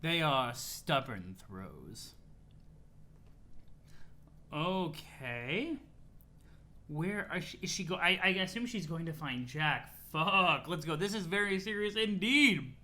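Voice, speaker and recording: Hyped young streamer guy reading a webcomic out loud, kinda high bright voice, cussing and cracking up. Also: slow pace, long pauses. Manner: excitable, swears, laughs, mixes dramatic read-alouds with hype reactions. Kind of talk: live let's-read reaction stream.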